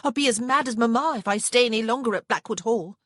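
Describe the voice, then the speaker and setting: Woman doing a sulky young lady, cross and moody, peevish retorts, raised pitch, breathy. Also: quick pace, a bit bright, no echo, clean studio sound.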